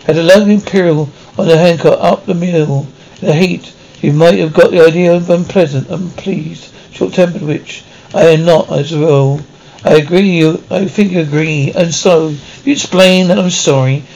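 An actress playing a shy, gentle young gentlewoman of the 1830s in a period drama, talking in a hesitant, apologetic way. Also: fairly low pitch, moderate pace, gravelly, low-quality recording. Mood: earnest.

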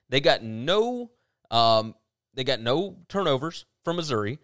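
A man's voice: mid-range voice, big pitch swings, measured pace, fairly bright tone, dry recording, clean studio sound. A man co-hosting a casual sports talk show, running through game stats with emphasis. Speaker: podcast co-host.

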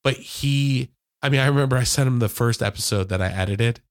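A man's voice: mid-range voice, a little fast, dry recording. A man in his thirties co-hosting a podcast, talking in a heartfelt, rambling way with many fillers and restarts, close to tears. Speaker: podcast co-host and editor. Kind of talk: casual podcast conversation. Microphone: headphones and studio microphone.

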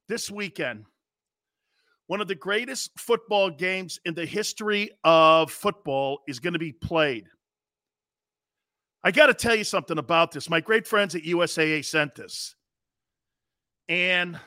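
A middle-aged man hosting a live sports talk stream, loud and excitable, reacting to the chat with exclamations. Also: fairly high pitch, no room sound. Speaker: sports talk show host.

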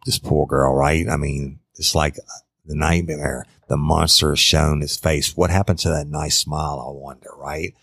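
A man's voice: rumbling low, little pitch movement, moderate pace, creaky, fairly bright tone, husky, dry recording. A man telling a true crime story in a casual, conversational way, talking straight to his listeners. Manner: conversational, addresses listeners directly, acts out quotes.

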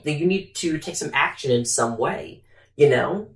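Animated man in an echoey room. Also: a little high, moderate pace. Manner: animated, acts out quoted voices. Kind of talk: casual discussion.

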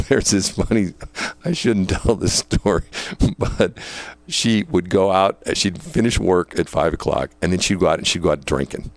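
Deep gravelly man telling stories. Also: a little slow, dry recording. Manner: rambling, full of "you know" fillers and laughter. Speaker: former police dispatcher. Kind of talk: casual storytelling.

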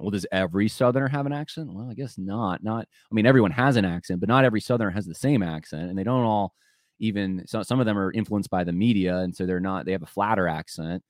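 Low-voiced man musing in a dry room. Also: fast talker, a little mellow, no echo. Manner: thinking aloud, rambling with frequent restarts; conversational, addresses listeners directly. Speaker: podcast host. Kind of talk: solo commentary podcast.

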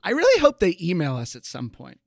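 A young man co-hosts a podcast in a playful mood, spinning jokes out of nothing. His voice is slightly high. It is recorded dry and close with no reverb. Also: huge pitch swings, a little fast, creaky. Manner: joking, playful riffing. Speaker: podcast co-host. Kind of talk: casual chat.

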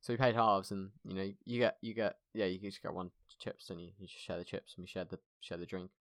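A man's voice: low-pitched, steady tone, fast, dry recording, studio quality. A young English man co-hosting a podcast, rambling and hesitant in casual banter. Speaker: podcast co-host.

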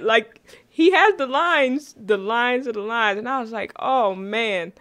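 A woman's voice: fairly high pitch, expressive, measured pace, fairly bright tone. A woman co-hosting a casual chat about a sitcom, retelling scenes dramatically and laughing often. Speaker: podcast co-host.

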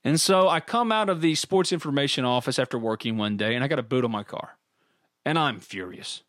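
A man's voice: medium pitch, a little fast, no echo, clean studio sound. A middle-aged man, co-hosting a casual sports talk show and telling stories with lots of laughter. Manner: animated storyteller, laughs often. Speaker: podcast co-host.

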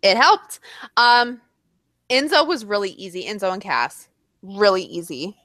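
A woman in casual chat, animated and blunt, swearing freely. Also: mid-range voice, unhurried, dry recording, clean studio sound.

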